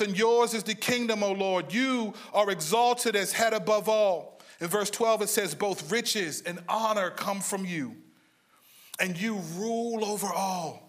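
Bright, high-voiced man preaching. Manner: shifts between lively storytelling and hushed, slow emphasis. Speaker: pastor. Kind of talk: sermon.

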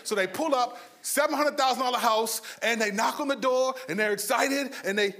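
A man preaching a sermon, moving between lively storytelling and hushed, slow emphasis. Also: very high voice, background noise. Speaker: pastor.

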